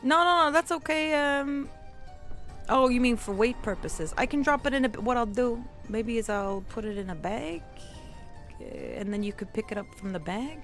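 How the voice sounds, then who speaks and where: A woman's voice: on the high side, lively intonation, normal speed, fairly bright tone, soft background music. A woman streaming a survival game, chatting with a teammate and her viewers, laughing often and trailing off mid-thought. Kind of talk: casual gaming stream chat.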